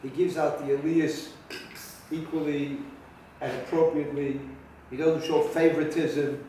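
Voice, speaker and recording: A man rabbi teaching a halacha class, talking with halting restarts and sudden emphatic rises in pitch. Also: little pitch movement, dark tone, slight background noise. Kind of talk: spoken Torah lecture. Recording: very echoey room from far off.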